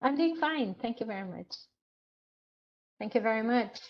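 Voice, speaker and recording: A woman instructor giving an online lecture, explaining slowly with frequent hesitations and fillers. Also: fairly high pitch, expressive, highs cut off.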